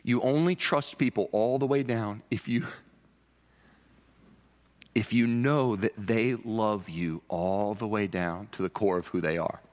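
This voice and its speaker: A man preaching a sermon as pastor, impassioned, often rising high for emphasis. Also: a little slow, a little mellow. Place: church sanctuary. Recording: long reverb of a church hall.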